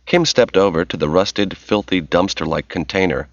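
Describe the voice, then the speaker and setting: A man giving a measured, scripted audiobook narration. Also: low voice, no room sound. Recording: slightly dull dry recording.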